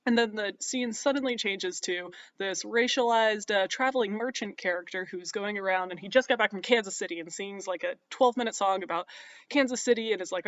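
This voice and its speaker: A man's voice: high-pitched, fairly quick, fairly bright tone, dry recording, muffled recording. A man casually and sarcastically recapping a plot, chatty and irreverent, with lots of fillers. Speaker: comedic recapper.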